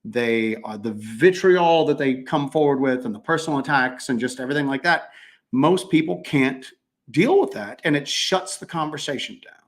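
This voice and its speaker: A man's voice: mid-range voice, normal speed. A man hosting a casual talk show, telling stories animatedly and acting out quoted lines. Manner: animated storyteller, acts out quotes, repeats himself. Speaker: podcast host. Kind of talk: casual chat.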